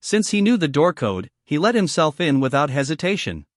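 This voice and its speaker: Man, recap narrator, slightly high voice, animated pitch, dry close sound. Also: normal speed, no room sound. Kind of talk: scripted story narration.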